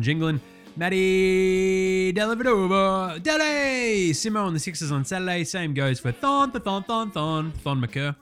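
Australian guy, young, casual profane sports-podcast host, faint guitar behind. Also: mid-range voice. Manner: profane, jokey, animated.

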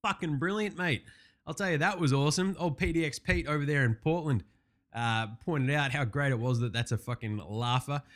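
A man runs through a sports recap in a casual, wisecracking way. He swears freely and stays brash throughout. His voice sits a little on the high side. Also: brisk, fairly bright tone. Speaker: podcast host.

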